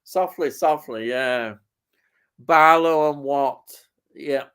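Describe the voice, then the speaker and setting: With a smooth, fairly bright voice on the high side and a slow pace, this Leeds-born streamer reads out comments from viewers. His Yorkshire accent comes through, and he stays relaxed, laughs a lot, and drops in "aye" and "lad".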